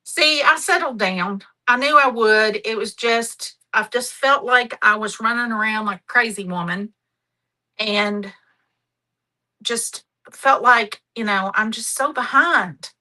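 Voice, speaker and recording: A woman's voice: fairly high pitch, slow pace, bright, forceful tone, poor audio. A middle-aged woman hosting a live craft demonstration, chatty, homey and affectionate. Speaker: craft show host.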